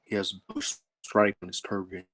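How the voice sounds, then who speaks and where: Man with a flat, low voice. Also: normal speed, no echo. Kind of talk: casual chat about his characters.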